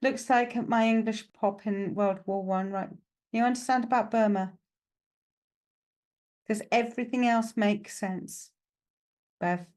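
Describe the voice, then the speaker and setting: A woman's voice: mid-range voice, fairly even intonation, unhurried, long pauses, a little mellow. A woman giving a live psychic mediumship reading, chatty and reassuring, with lots of "okay" and "right" fillers and self-mocking asides. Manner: self-mocking, laughs at herself.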